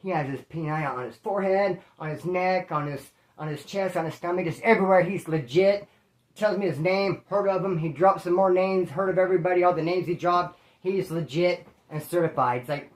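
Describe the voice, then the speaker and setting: A man's voice: high voice, normal speed. Slangy man telling street stories, roomy echo. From Bakersfield, California. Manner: slangy, animated, fond of street talk. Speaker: storyteller host. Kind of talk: casual street storytelling.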